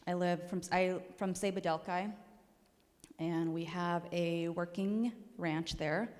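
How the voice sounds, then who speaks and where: A woman's voice: on the low side, steady tone, slow pace, darkish tone. A young woman from the Navajo Nation, a rancher, speaking casually and emotionally at a panel, laughing often. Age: young adult. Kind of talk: casual public comments. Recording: echoey hall.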